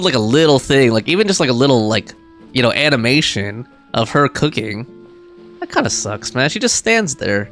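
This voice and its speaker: A man's voice: medium pitch, sing-song, normal speed, fairly bright tone, faint music behind. A man in his thirties streaming a game, reading viewer chat aloud and bantering with a laugh. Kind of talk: casual live stream chat.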